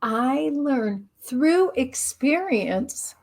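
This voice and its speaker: High-pitched, expressive woman telling stories. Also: very slow, vocal fry. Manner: expressive, self-mocking, acts out her own inner voice. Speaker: guest, spiritual teacher and author. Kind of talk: animated storytelling in an interview.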